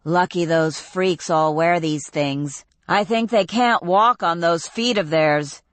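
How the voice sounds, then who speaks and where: Scornful tough girl, woman narrator; forceful, blunt, slow. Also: lowish voice, no room sound.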